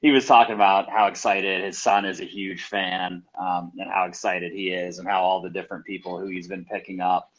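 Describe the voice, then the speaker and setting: Low-voiced man chatting about a soccer final. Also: little pitch movement, brisk, hardly any pauses, lo-fi sound. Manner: rambling, filler-heavy, anecdotal. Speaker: soccer reporter co-hosting a live audio show. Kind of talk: casual match preview chat.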